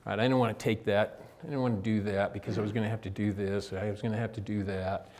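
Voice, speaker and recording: A man's voice: fairly low pitch, steady tone, quick pace, darkish tone. A man telling his own recovery story to incarcerated people in a casual, conversational way, acting out the dialogue as he goes. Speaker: speaker addressing incarcerated people. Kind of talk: personal recovery story talk. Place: correctional facility.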